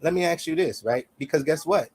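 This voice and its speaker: A man's voice: fairly high pitch, brisk, slightly rough, soft background music. A man co-hosting a podcast, arguing his side in a heated casual debate and repeating his points with emphasis. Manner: emphatic, repeats "you see what I'm saying". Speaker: podcast co-host.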